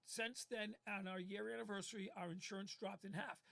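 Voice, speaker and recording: A man's voice: high voice, steady tone, brisk, creaky, a bit bright, no echo. A man who owns a waste company, telling a rambling story in casual live-stream chat and acting out the people he quotes. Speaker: waste company owner, co-host.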